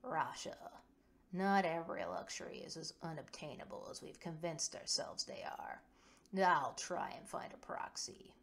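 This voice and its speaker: A woman's voice: low voice, unhurried, vocal fry. A woman voicing a knowing, teasing woman officer in a narrated tabletop story, speaking in a sly, knowing way. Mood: coaxing.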